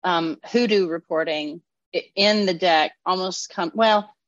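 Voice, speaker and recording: A middle-aged woman and guest artist telling stories in a casual, animated interview, full of fillers and asides. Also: lowish voice, a little slow, no echo, dull audio. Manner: chatty animated storyteller, many fillers and asides. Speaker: guest artist and oracle deck creator.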